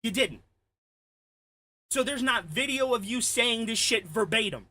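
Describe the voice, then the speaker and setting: A man's voice: extremely high pitch, expressive, moderate pace. Heated, profane male commentary ranter. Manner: heated, profane, shouting at times. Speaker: commentary streamer. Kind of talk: angry ranting commentary.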